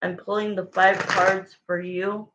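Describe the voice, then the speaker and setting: A woman's voice: mid-range voice, level tone, unhurried, noisy background. A woman giving a live tarot reading, thinking aloud as she pulls cards and repeating her questions to the cards. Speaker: tarot reader. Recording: roomy, dull lo-fi sound.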